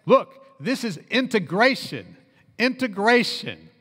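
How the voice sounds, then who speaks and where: A man preaching a sermon as a pastor, telling stories in an animated way and dropping low and quiet when he quotes people. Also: moderate pace. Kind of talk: sermon storytelling. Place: church hall. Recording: long church reverb.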